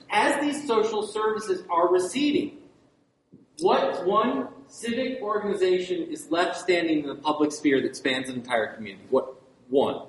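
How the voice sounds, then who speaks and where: A man giving a conference lecture to librarians, animated, with rhetorical questions and wry asides. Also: sits high. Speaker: keynote speaker to librarians. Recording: very echoey hall with faint noise.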